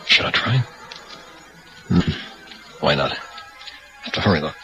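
A man's voice: very deep voice, unhurried, bright, forceful tone, soft background music, full character voice, poor audio. An actor playing a nervous young man caught up in a ritual in a radio drama, hesitant and uneasy, often talking to himself. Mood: musing.

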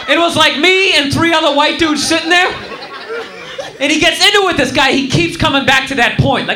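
Stand up guy, high voice, rambly and fed up, live club echo, crowd noise. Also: quick pace. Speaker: stand-up comedian. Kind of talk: stand-up comedy routine. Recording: roomy live club recording with audience. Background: audience laughter.

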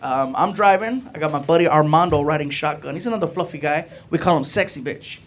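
High-voiced stand-up comic, noisy live recording. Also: male voice, fairly quick. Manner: animated, acts out every character. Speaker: stand-up comedian. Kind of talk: stand-up comedy storytelling.

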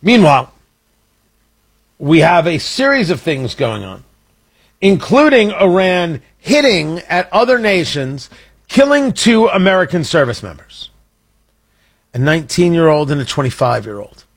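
Husky, animated male political commentator. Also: fairly high pitch, a little slow, pauses often. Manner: emphatic, combative, ranting. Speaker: political commentary show host.

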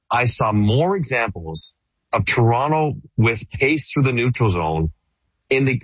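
Middle-aged male hockey broadcaster, husky low voice, dry lo-fi line, chatty and rambling. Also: dry recording. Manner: animated, laughs easily, rambling restarts. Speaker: hockey play-by-play broadcaster guest. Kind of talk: casual sports radio chat.

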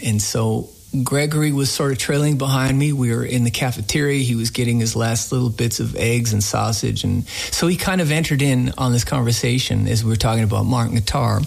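Gravelly-voiced man telling folksy stories. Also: mid-range voice, fairly quick, rough recording. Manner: folksy, rambling anecdotes. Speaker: creator and host of a radio folk program. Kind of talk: storytelling in a radio interview.

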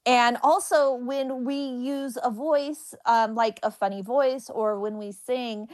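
A woman comedian answering interview questions, stuttering on the first sounds of words. Her voice sits on the higher side. She laughs easily as she tells stories. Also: slow, darkish tone. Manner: laughs while telling stories.

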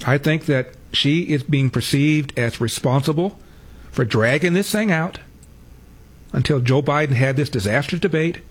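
A man's voice: a little high, normal speed, husky. A man hosting a talk radio show, blunt and sarcastic in his commentary. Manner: blunt, sarcastic, mocking imitations.

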